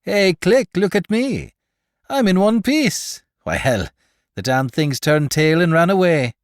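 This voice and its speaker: A man's voice: medium pitch, very animated, a little slow, no room sound, clean studio sound. A man voicing a big, cocky Irish spaceman with a swaggering, folksy brogue and an Irish accent. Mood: jovial.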